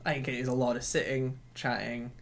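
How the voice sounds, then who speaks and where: A man's voice: medium pitch, little pitch movement, brisk, creaky. A man co-hosting a casual film discussion, giving opinionated, matter-of-fact verdicts. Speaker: film podcast co-host.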